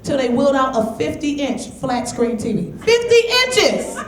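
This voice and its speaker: A woman from Michigan doing stand-up comedy, telling stories in a loud, brash way with big exclamations. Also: high voice, moderate pace, slight background noise. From Michigan, USA. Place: comedy club stage before a live audience. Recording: echoey club with loud crowd.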